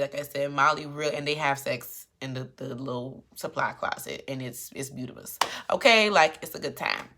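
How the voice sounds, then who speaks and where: Low-voiced chatty woman recapping a show. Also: normal speed. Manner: chatty and animated, acts out characters' lines with sass. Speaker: TV recap commentator. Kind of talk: casual TV episode recap.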